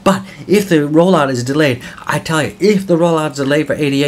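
A man hosting solo market commentary in an excited, exclamatory way, often whooping and calling out to viewers. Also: fairly high pitch, fast. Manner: hyped, exclamatory, whooping, calls viewers guys.

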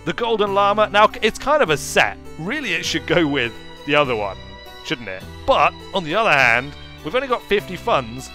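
Playful, bright-voiced male gamer. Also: fairly high pitch, big pitch swings, normal speed, hardly any pauses, faint music behind. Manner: playful, jokey, self-mocking. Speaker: let's play host. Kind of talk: gameplay commentary.

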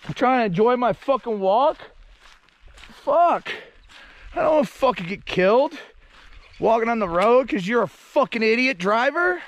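A man who is a long-distance hiker, talking to camera outdoors on a mountain road while he walks, exclaiming, swearing freely and whooping. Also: very high-pitched. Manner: exclamatory, profane, laughs often, loud whoops. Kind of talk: casual walking vlog monologue.

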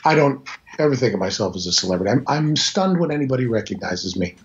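A man's voice: medium pitch, very animated, quick pace. A Canadian voice actor in his sixties, chatting as an interview guest and telling rambling, self-deprecating stories. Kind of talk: casual interview chat. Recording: slightly dull lo-fi audio.

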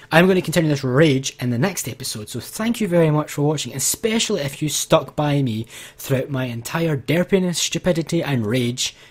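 A man's voice: on the high side, animated, normal speed, husky. A man commentating his gameplay, exasperated and ranting to his viewers. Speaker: let's play gamer.

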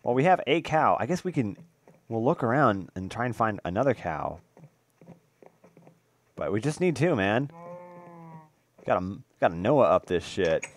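A young man casually commentating his own game play, excitable and swearing, cooing baby talk at the animals. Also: on the low side, a little slow, pauses often. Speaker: gaming video host.

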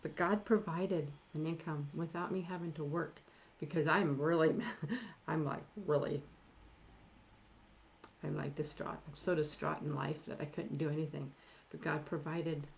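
Middle-aged woman, sermon, slow deliberate delivery, lowish voice, emphatic stresses, soft near-whispered asides. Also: gravelly, a little hiss or hum. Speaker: preacher.

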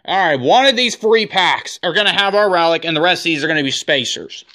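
Bright-voiced man reading off cards. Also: a little high, quick pace, hardly any pauses. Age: 40s. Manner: rattles off names in a running list; excitable, says he is shaking. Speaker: card collector opening packs. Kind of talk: casual unboxing commentary.

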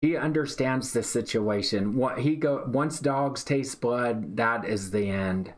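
A man's voice: mid-range voice, slow. A man telling a long story in a laid-back, drawling way on a live stream, often repeating himself and tagging "man" onto his lines. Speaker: day-trading live streamer.

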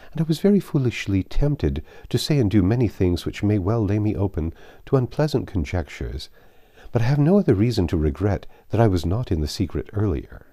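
A man reading a proud young gentlewoman's lines in a classic novel, earnest and self-reproaching. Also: fairly low pitch, dry recording, studio quality.

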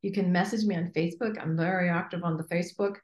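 Here the same kind of guest, a female coach being interviewed, talks fast in a lowish voice. She's emphatic and lively, often voicing imaginary inner thoughts, and the sound feels roomy.

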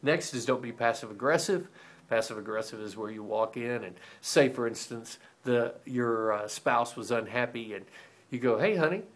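A middle-aged man giving a devotional teaching as a pastor, telling stories in a lively way and acting out the voices of the people in them. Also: mid-range voice, moderate pace. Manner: animated storytelling, acting out quoted voices.

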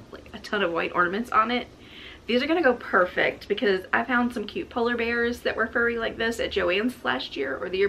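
A woman's voice: mid-range voice, creaky, fairly bright tone, slight background noise, rough recording. Gushing woman unboxing gifts. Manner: gushing, effusive, exclaims often. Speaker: vlogger. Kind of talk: casual unboxing chat. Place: home, indoors.

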